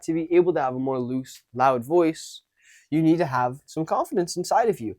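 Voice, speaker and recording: A man's voice: a little high, animated, normal speed, darkish tone, dry recording. A man coaching on social skills, talking casually to camera and acting out unsure and confident tones of voice. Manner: demonstrates tones of voice, shifting between unsure and commanding.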